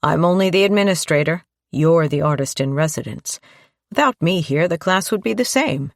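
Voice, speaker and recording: A woman voicing a gentle, soft-spoken male priest in an audiobook, often dropping to a whisper. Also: deep voice, expressive, moderate pace, no room sound, studio quality.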